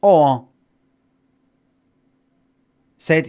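A man's voice: medium pitch, a little fast. A man with a Scottish accent telling a casual story on a stream. He mocks himself and argues back at himself as he talks. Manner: animated, self-mocking, argues with himself.

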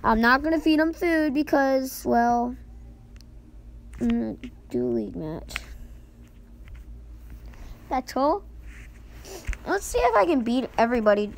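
A woman hosting a gaming channel, giving excitable, casual commentary and chatting to viewers. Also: high-pitched, unhurried, creaky, pauses often, a little hiss or hum. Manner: excitable, talks to viewers as "guys".

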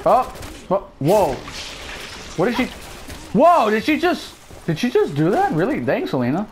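High, lively man joking through gameplay. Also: moderate pace, slight background noise, poor audio. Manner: joking, sarcastic running commentary. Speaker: gameplay commentator. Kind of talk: let's play commentary.

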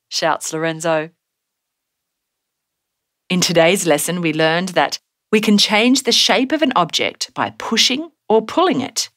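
A woman giving a gentle, scripted storybook narration for children. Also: sits low, no echo, studio quality. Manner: slow, expressive, gentle.

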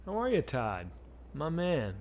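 A man in his forties streams a video game, chatting loosely with viewers and swearing as he plays. His voice is on the high side and a little mellow, with huge pitch swings and a measured pace, over slight background noise.

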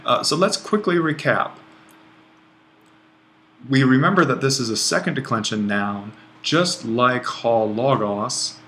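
A man teaching a grammar lesson over a screencast, relaxed and thinking aloud as he writes, often correcting himself. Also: mid-range voice, measured pace, a little hiss or hum. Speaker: Greek language instructor.

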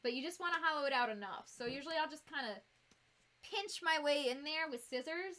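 A woman with a Northern US accent chatting casually on a live stream while she builds a fursuit, bubbly and quick to giggle as she talks to her viewers. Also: high-pitched, pushed and bright. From United States.

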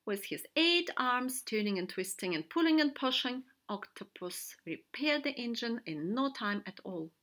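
Slow, bright, expressive narration from a woman reading a children's storybook aloud. Her pitch rises and falls playfully, and she sometimes drops to a soft whisper for effect. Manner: animated, switching voices for characters, soft whispers. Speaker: storybook reader.

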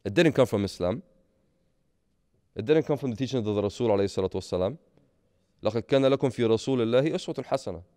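A man's voice: mid-range voice, animated, racing, long pauses, a little mellow, no echo, studio quality. A man giving a Friday sermon, earnest, asking rhetorical questions and mixing in Arabic phrases. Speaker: preacher.

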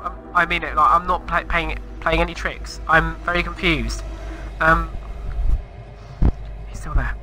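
A man's voice: a little high, fairly even intonation, a little slow, long pauses, over music, low-quality recording. A man commenting on Minecraft gameplay in a flustered, exclaiming and rambling way. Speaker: gamer.

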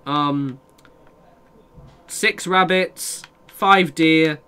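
Bright-voiced streamer, sweary. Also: male voice, fairly high pitch, extremely slow, clear, resonant tone. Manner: chatty, sweary, reads and answers chat. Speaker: game streamer. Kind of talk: casual live-stream chat with viewers.

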